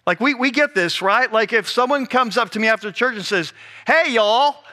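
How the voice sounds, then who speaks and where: A male pastor giving a conversational, animated sermon, acting out the scenes he describes. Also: sits high, a little fast.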